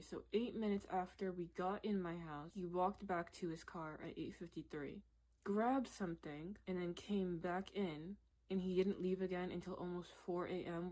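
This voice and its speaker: A young woman vlogger telling a personal story in a candid, animated way, with lots of "like" and "literally". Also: lowish voice. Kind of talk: casual storytelling.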